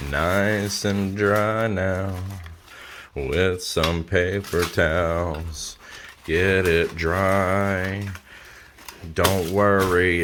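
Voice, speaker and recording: A deep-voiced man talks through a cooking tutorial in his own kitchen, recorded on his phone. He is blunt and a little crude, and he keeps hammering the same instructions over and over. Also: noisy background. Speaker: home cook showing a recipe. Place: home kitchen. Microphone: phone camera.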